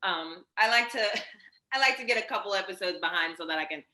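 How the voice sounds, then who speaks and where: A woman's voice: medium pitch, expressive, fairly quick, bright, forceful tone. A young woman guest in a casual film chat, agreeable and chatty, who pokes fun at herself.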